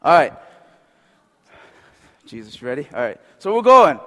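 A man delivers a sermon in a relaxed, conversational manner, often turning to the crowd for agreement. His voice sits high for a man. The sound rings out with the long reverb of a large hall. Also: normal speed, pauses often. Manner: conversational, asks the crowd "right?". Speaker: preacher.

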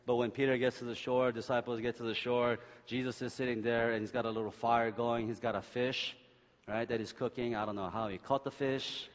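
A male pastor preaching a sermon, joking and animated, swinging from loud exhortation to quiet scripture reading. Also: mid-range voice, fairly quick. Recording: long hall reverb.

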